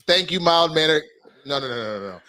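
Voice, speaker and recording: Brisk and fairly high-pitched, this American podcast co-host laughs his way through profane stories. The talk is casual comedic chat, delivered in an animated style.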